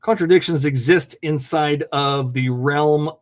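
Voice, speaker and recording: A man's voice: a little high, a little slow. A man hosting a live call-in debate podcast, blunt, mocking and profane, laughing often. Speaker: host.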